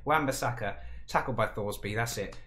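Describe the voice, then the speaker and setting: A man giving casual, excitable commentary over a football management game, talking to himself and panicking aloud. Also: on the low side, a little fast, a little hiss or hum. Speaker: gaming YouTuber.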